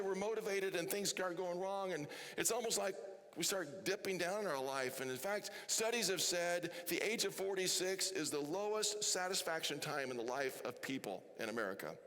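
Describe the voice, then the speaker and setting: A man's voice: a little high, fairly bright tone, long reverb tail. A man preaching a sermon as pastor, chatty and often asking the congregation questions. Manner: chatty, asks the crowd questions. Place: church hall.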